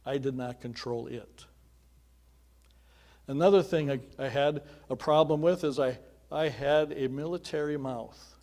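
A man's voice: medium pitch, a little slow, a little mellow. A middle-aged man preaching a sermon, telling his own story in an earnest, conversational way with small chuckling asides. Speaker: pastor. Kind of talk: sermon with personal testimony.

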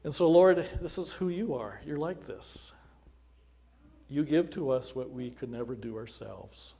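Casting note: male pastor, mid-pitched, earnest and prayerful, talking plainly to a congregation. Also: expressive, measured pace, gravelly. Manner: earnest, prayerful, varying loudness. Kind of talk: spoken prayer in a church service.

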